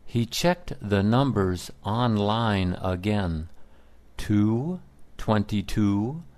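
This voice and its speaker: A man reading simple stories aloud for English learners, in deliberate, plain sentences. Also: fairly low pitch, expressive, darkish tone. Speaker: narrator. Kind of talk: slow scripted story narration for English learners.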